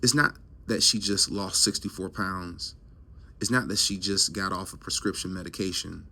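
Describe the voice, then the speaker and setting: A man's voice: deep voice, steady tone, moderate pace, gravelly, pushed and bright. A man hosting a health show, giving an emphatic, preachy motivational talk full of rhetorical questions and repetition. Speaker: health coach host. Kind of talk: motivational monologue to camera.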